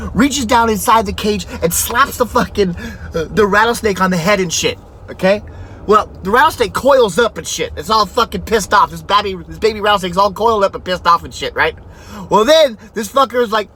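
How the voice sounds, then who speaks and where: A man tells an anecdote in a loose, rambling way, swearing freely and circling back as he goes. His voice sits fairly high for a man. Faint noise runs underneath. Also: expressive, normal speed, bright, forceful tone. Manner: rambling, profane, laid-back. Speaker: storyteller. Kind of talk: casual spoken anecdote.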